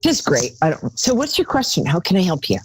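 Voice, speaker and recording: A woman's voice: lowish voice, huge pitch swings, fairly quick, slightly rough, no echo, rough recording. A woman hosting a live call-in psychic show, chatty and rambling, calling her callers darling.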